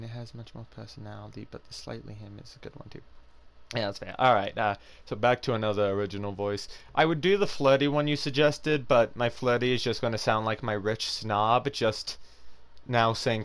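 A man streaming a fighting game, chatting casually with his viewers and often trailing off into quiet mumbles. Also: medium pitch. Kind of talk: casual gaming stream chat.

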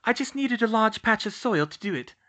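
A man's voice: animated, brisk, full character voice. Man doing an eager young witch. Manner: raised pitch, bright and urgent.

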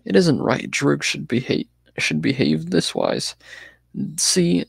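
A man's voice: on the high side, wildly swooping pitch, slow, vocal fry, breathy edge, dry recording, voice pushed up, heavily acted. A man voicing a young gang member who pleads with the others to stop fighting. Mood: pleading. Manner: pleading, placating. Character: earnest young male gang member, peacemaker.

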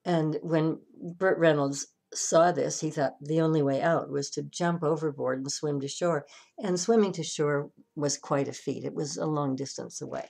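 Low, gravelly woman minister. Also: steady tone, moderate pace, a little mellow. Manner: conversational storytelling with restarts. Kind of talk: sermon.

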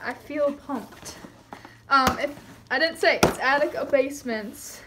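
A woman's voice: high voice, unhurried, very noisy. A teenage girl rambling through an unboxing in a giddy, self-conscious way, apologizing for how she sounds. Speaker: vlogger. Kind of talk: casual unboxing vlog.

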